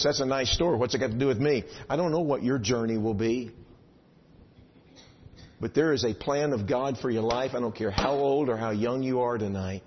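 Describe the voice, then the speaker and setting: A man preaching a sermon, telling a personal story with lively swings between loud excitement and hushed asides. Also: mid-range voice, husky. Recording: dull sound in a large reverberant hall.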